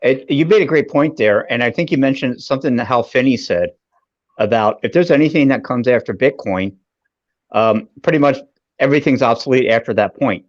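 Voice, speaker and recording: A man's voice: mid-range voice, a little fast, no echo. A man hosting a podcast in casual chat, playful and teasing, laughing along. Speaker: podcast host. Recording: dry muffled lo-fi audio.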